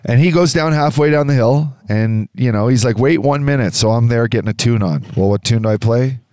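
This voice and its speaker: A man co-hosting a podcast, telling a story in casual chat, animated and profane, acting out what others said. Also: medium pitch, brisk, clear, resonant tone, dry recording. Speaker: podcast co-host. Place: indoor studio.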